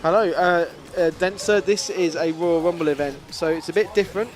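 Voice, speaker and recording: A man's voice: high-pitched, brisk. A man casually commentating a fighting game tournament, chatty and playful, often laughing.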